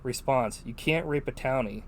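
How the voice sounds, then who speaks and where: A man's voice: medium pitch, moderate pace, no room sound. A man co-hosting a podcast, chatting casually about a film in a rambling, profane way with many fillers. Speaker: podcast co-host.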